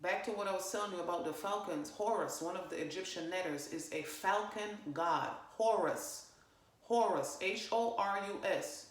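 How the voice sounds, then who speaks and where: A woman giving a casual spiritual monologue, swearing freely and talking with emphatic, animated energy. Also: fairly low pitch, moderate pace. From parents from Jamaica. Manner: profane, animated, emphatic, fillers. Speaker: spiritual channeler vlogger. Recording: roomy echo.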